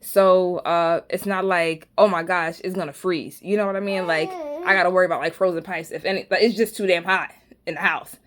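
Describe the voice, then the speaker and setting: A woman's voice: lowish voice, brisk. Chatty New York woman vlogging. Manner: rambling, conversational, slangy and joking. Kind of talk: casual storytelling chat.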